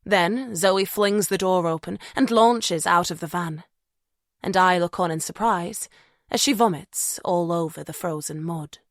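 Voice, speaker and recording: A woman narrating an audiobook thriller in a measured, suspenseful way. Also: fairly low pitch, no echo, studio quality.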